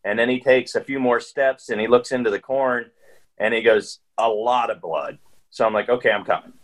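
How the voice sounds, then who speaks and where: A man's voice: medium pitch, fairly even intonation, a little fast, poor audio. Rambling man telling a hunting story. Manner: rambling, with frequent restarts and fillers. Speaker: guest hunter. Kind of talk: casual storytelling.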